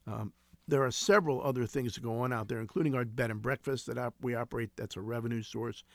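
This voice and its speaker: A man's voice: mid-range voice, steady tone, fast talker, gravelly, dry recording. A man in his sixties, a ministry founder, telling stories in an earnest, reflective way during an interview. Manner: earnest, reflective, with frequent restarts. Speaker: guest, founder of a homeless ministry. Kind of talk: conversational interview storytelling.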